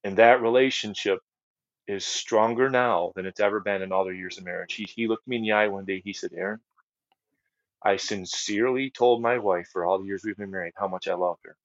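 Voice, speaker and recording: A middle-aged man speaks in a lowish voice, telling his testimony earnestly, looping back on phrases and filling pauses. The sound is dry and a bit dull, like close podcast audio. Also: fairly even intonation, no room sound. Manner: earnest storyteller, repeats phrases, many fillers and restarts. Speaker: guest ministry leader. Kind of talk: personal testimony in a podcast chat.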